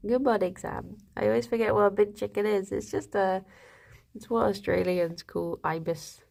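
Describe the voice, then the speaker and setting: A woman's voice: mid-range voice, fairly even intonation, normal speed, gravelly, darkish tone. A young woman streaming live, chatting casually with viewers and rambling to her pet rabbits. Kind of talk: casual chat reading viewer comments.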